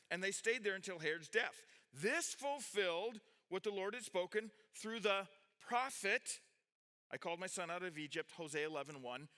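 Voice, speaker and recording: Bright-voiced man preaching a sermon. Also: a little high. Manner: animated, with restarts, questions to the audience. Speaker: pastor teaching a youth group. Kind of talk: sermon with Bible reading.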